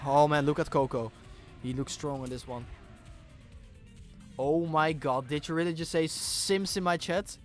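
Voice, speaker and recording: A man's voice: fairly high pitch, measured pace, pauses often, faint music behind. A young man from Germany, casually commentating an esports final on a livestream, joking and swearing as he goes. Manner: excitable, joking, swears freely. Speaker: esports caster.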